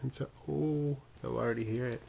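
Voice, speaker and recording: A man's voice: medium pitch, steady tone, fairly quick, creaky, mellow, breathy edge. A man co-hosting a podcast in casual chat on a studio microphone, easygoing and laughing often. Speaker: podcast co-host.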